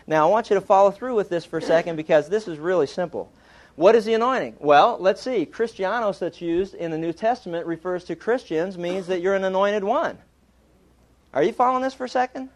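A man delivers a sermon with a humorous, animated storytelling manner. His voice sits a little higher than most men's. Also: brisk. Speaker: preacher.

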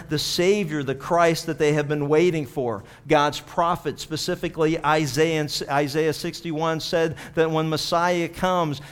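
A man from Pittsburgh, a pastor, telling a story in a chatty sermon full of "you know" asides. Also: fairly high pitch.

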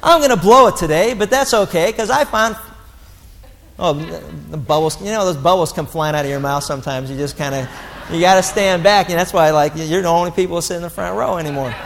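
Male pastor with a high voice, preaching bluntly and animatedly in a reverberant church hall. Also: a little fast, creaky, a little hiss or hum. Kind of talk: sermon.

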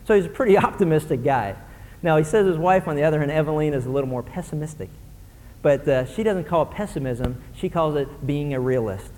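A male pastor preaching a sermon in an animated way, acting out grumbling voices. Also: fairly high pitch, fairly quick, big-room sound.

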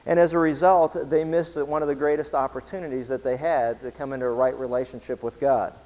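A male pastor giving a sermon in a church, telling a story in a relaxed, conversational way before turning to scripture. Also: mid-range voice, brisk. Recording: long hall reverb.

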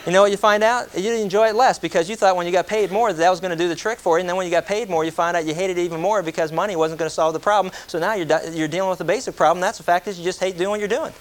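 A man preaching a sermon, animated and joking, firing rhetorical questions at his congregation. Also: sits high, rapid-fire, hardly any pauses. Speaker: pastor.

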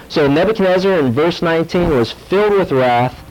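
Animated man preaching a sermon. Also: a little high, moderate pace, hardly any pauses, highs cut off. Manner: animated, jokey storytelling with sudden drops to earnest. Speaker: pastor.

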